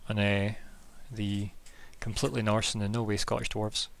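A man's voice: lowish voice, little pitch movement, moderate pace, gravelly, fairly bright tone, no echo. A man narrating as game master of an online tabletop game in a loose, rambling way full of fillers. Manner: casual, rambling, lots of fillers. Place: home, online voice call.

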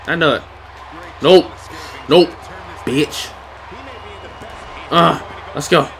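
A gamer plays a wrestling title, slowly grumbling and swearing at the screen, pausing often as he talks to himself. His voice is fairly high and fairly bright in tone, in a casual commentary style.

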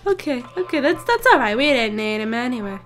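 A young woman hosting a gaming channel, giving excitable let's-play commentary, groaning and shrieking as her rider crashes. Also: fairly high pitch, brisk, soft background music.

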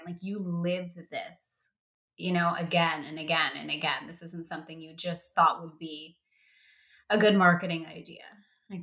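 A woman's voice: lowish voice, fairly bright tone, echoey room. A woman hosting an interview podcast, talking effusively with emotional bursts of praise. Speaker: podcast host. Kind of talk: warm interview chat.

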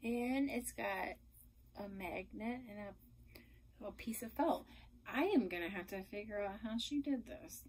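A young adult woman gushing in a casual unboxing vlog, emotional and effusive, at times dropping to a soft whisper. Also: mid-range voice, unhurried, slightly rough, low-quality recording. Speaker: reborn doll collector vlogger.

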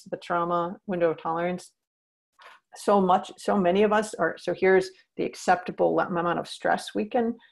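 A woman trainer answers teachers' questions in an earnest, explanatory way, often acting out the words she would say to a child. Her voice sits fairly low, with a gravelly edge. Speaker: social-emotional learning trainer.

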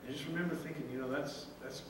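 A man's voice: a little high, steady tone, fast talker, noisy background. A middle-aged male pastor preaching a sermon earnestly, often restarting phrases and acting out a father's words. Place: church sanctuary. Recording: echoey church sanctuary from far off.

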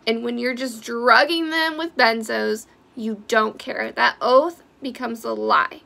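A woman's voice: on the high side, fairly even intonation, slow, gravelly, few pauses, pushed and bright. A woman giving a blunt, heated personal vlog update who swears freely. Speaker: vlogger sharing a personal health update.

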